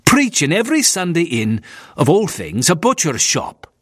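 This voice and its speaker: A man's voice: on the high side, wildly swooping pitch, moderate pace, breathy edge, no echo, studio quality, pitched above the performer's own voice, full character voice. A man voicing a nervous, disapproving male Victorian minister who talks in a stiff, fussy, complaining way.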